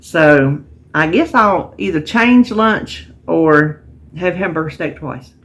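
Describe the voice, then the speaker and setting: A woman's voice: sits low, lively intonation, takes it slowly, fairly bright tone. Chatty, tired woman. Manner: chatty, rambling, with restarts and laughs. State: tired, yawning. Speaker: vlogger sharing a weekly menu plan. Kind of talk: casual chat to camera.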